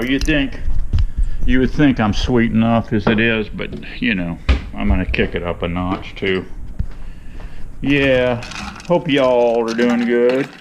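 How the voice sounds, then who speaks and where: A man's voice: medium pitch, slight background noise. A man from Michigan chatting casually to viewers in a folksy, rambling way as he mixes tea outdoors before working his bees. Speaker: beekeeper vlogger. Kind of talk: casual vlog chat. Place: outdoors in hot sun.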